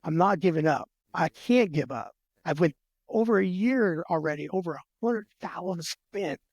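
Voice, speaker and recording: In a podcast interview, a veteran shares his story earnestly and from the heart, stumbling over restarts and repeated words and replaying conversations in rapid exchanges. He sounds animated and darkish, a bit high for a man, with gravel creeping in as phrases end. The recording is close and dry, with no room.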